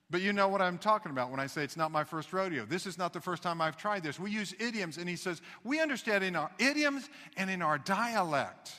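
A male pastor delivers an emphatic sermon, breaking into folksy asides. His voice is high and bright. It carries with a long echo through a large hall. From United States.

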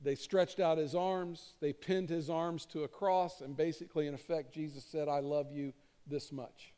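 Earnest pastor preaching in a big hall. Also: male voice, on the high side, steady tone, moderate pace, mellow, clear, resonant tone. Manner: conversational, earnest, emphatic repetition. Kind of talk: sermon. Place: church auditorium stage. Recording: long reverb of a large hall.

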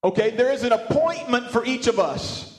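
High-voiced man preaching in an echoey hall. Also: moderate pace. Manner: animated, repeats and restarts words, asks the congregation questions. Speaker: pastor. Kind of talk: sermon. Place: church sanctuary with speakers.

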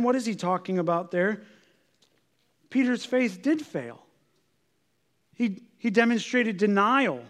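A man's voice: high-pitched, lively intonation, unhurried, long pauses, a bit bright. A male pastor preaching an expository sermon in an earnest, emphatic manner, often asking his listeners rhetorical questions. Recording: long reverb of a large hall.

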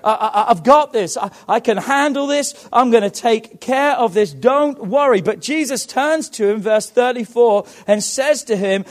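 A man preaching a sermon, swinging from hushed to loud and fervent, acting out Bible dialogue. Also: very high-pitched, a little slow, few pauses. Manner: acts out Bible dialogue with stammered repeats. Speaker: pastor.

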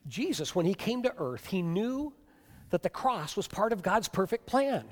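A male pastor preaching a sermon, telling a story with animation and dropping to hushed tones. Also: high-pitched, big pitch swings, moderate pace. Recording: long reverb of a hall.

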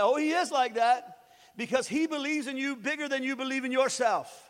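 High-voiced preacher in an echoing hall. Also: male voice, fairly quick. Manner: animated, swings loud and soft, acts out voices. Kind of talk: sermon. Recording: long reverb of a large hall.

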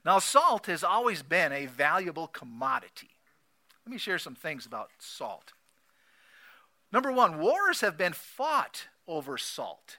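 A man preaching a sermon, repeating key phrases emphatically and swinging between loud declarations and soft asides. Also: fairly high pitch, very animated, a little slow. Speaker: pastor.

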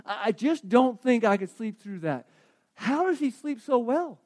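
A man preaching a sermon, asking the congregation questions and swinging between emphatic declarations and quiet reflection. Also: very high voice, lively intonation, a little slow.

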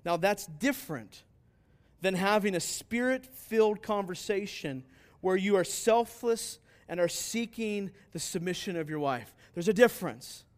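A male pastor delivers a sermon in a notably high voice for a man. He is earnest and emphatic, leaning on rhetorical questions that he answers himself. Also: expressive, unhurried.

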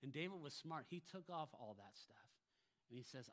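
A man's voice: mid-range voice, expressive, moderate pace, a bit bright. A pastor preaching a sermon, emphatic, often putting rhetorical questions to his congregation.

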